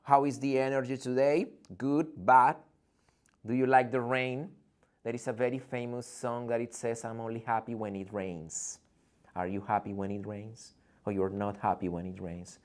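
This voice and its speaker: A man's voice: mid-range voice, level tone, normal speed. Playful, theatrical English teacher man. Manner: playful, theatrical, jokes and acts out student questions. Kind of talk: live online English lesson. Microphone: video call.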